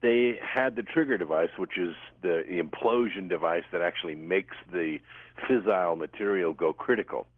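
A male radio guest calmly explaining things over the phone. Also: deep voice, normal speed, no echo. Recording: tinny phone line.

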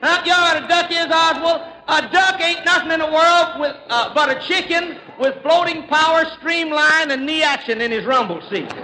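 A man's voice: very high-pitched, moderate pace, few pauses, pushed and bright. A man telling rural hunting gags as a stage comedian, folksy, chuckling at his own jokes and stammering on restarts. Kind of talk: rapid-fire rural stand-up gags. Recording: echoey hall with faint noise.

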